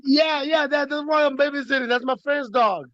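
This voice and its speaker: A woman hosting a casual livestream chat, talking loud and blunt, swearing freely and laughing a lot. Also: high voice, normal speed, no room sound, lo-fi sound. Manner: loud, swearing, laughs often, coos at dogs. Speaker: livestream host.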